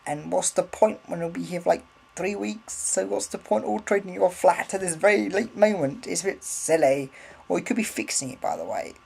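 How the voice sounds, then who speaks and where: A man's voice: sits high, expressive, moderate pace, vocal fry, darkish tone, breathy edge, low-quality recording. A man rambling casually in a vlog, swearing freely, filming on a handheld camera. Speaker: vlogger.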